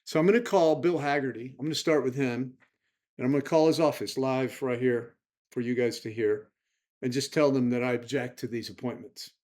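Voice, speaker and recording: Male vlog host, middle pitch, indignant conversational commentary to his audience. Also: steady tone, a little fast, a little mellow. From United States. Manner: indignant, chatty, direct to viewers. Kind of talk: casual political commentary to camera.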